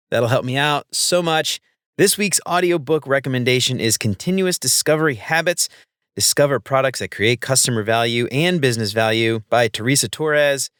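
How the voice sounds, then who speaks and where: A man's voice: mid-range voice, a bit bright, no echo. Brief: male podcast host, easygoing and slangy, dry close mic. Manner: upbeat, laid-back, slangy. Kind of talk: casual podcast chat.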